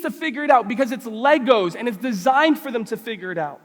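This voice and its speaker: A man's voice: sits high, fast, few pauses. A man preaching a sermon as pastor, telling funny stories and asking the congregation pointed questions. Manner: animated, humorous storytelling with many rhetorical questions. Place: church sanctuary. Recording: long church hall reverb.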